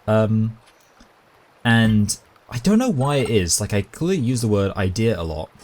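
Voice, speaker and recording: A man's voice: lowish voice, sing-song, a little slow, darkish tone, slight background noise. A man with a British accent chatting casually while he plays a game, rambling through a long-winded, self-aware story. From Britain. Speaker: gaming YouTuber. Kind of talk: casual commentary while gaming.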